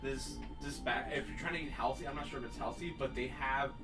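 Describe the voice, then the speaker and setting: Man, mid-pitched voice, excitable co-host, laughs a lot, clear background music. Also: fairly quick. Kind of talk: casual live-stream chat.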